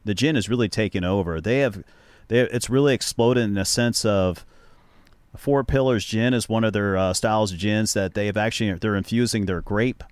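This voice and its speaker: A male radio guest who chats easily and rambles from one story to the next. His voice sits low, and the studio sound is dry with no room echo. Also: normal speed, smooth. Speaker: guest and sports show host. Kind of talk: casual chat.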